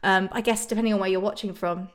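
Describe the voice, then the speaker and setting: A woman's voice: mid-range voice, steady tone, fast talker. A woman from Ireland chatting casually on a live stream, reading out viewer comments and answering them. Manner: bubbly, frequent ums and laughs.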